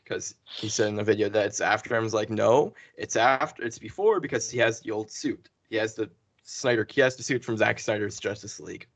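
A man co-hosting a podcast, chatting casually and excitedly through a spoiler review, full of fillers and restarts. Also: lowish voice, fairly quick, dry recording. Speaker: podcast co-host. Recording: dull lo-fi sound.

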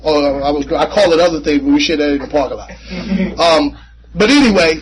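A man speaking at a recovery meeting, telling his personal story in an animated, conversational way with casual slang and frequent repeats. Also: a little high, a little fast, low-quality recording. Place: meeting room.

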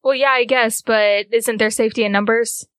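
Anxious young woman, played by a woman, hesitant, placating, slightly high voice, dry sound. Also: fairly even intonation, normal speed, a bit bright, no room sound, close to an everyday voice.

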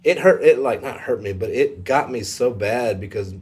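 A man telling a personal faith story in a casual conversation, emotional and halting, with many fillers. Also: medium pitch, animated, a little mellow, husky.

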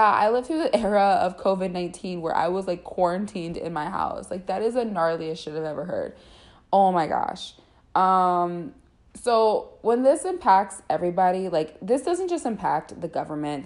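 A woman's voice: mid-range voice, darkish tone. A young American woman hosting a casual podcast, talking in a chatty, slangy way with many fillers. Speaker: podcast host.

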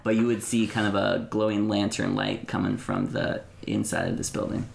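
A man narrating as game master of a tabletop game, talking haltingly with fillers and restarts. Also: fairly low pitch, fairly even intonation, gravelly, reverberant, slight background noise.

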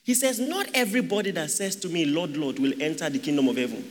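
A man's voice: high voice, big pitch swings, fast talker, a bit bright. A man preaching a sermon, asking the congregation rhetorical questions and joking with them. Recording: long hall reverb.

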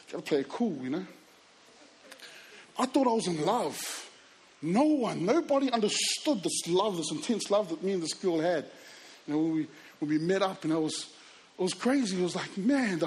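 A man telling personal stories to a live audience, animated and acting out scenes and voices. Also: high-pitched. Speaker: youth speaker. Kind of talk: storytelling talk to an audience.

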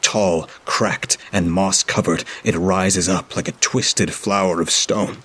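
A man narrating a horror story in a grim, steady first-person reading. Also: low-pitched, slow pace, few pauses, husky.

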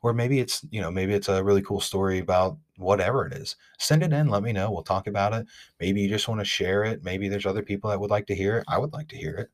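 A man with an Ohio accent hosting a podcast, telling a fishing story in a rambling, animated way with lots of "like". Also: lowish voice, fast talker. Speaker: podcast host. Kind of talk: casual storytelling.

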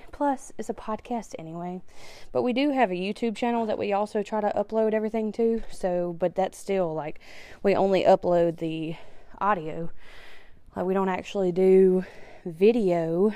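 A woman's voice: medium pitch, warm tone. A young woman, out of breath, chatting casually on her podcast while tidying, laughing often and poking fun at herself. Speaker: podcast host.

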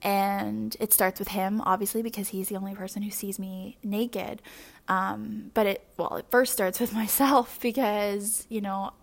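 A young adult woman hosts her own podcast in a personal, confessional monologue. She talks openly and rambles along, restarting sentences and filling pauses with little fillers. Her voice sits at an ordinary middle pitch. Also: fairly even intonation, creaky. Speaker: podcast host.

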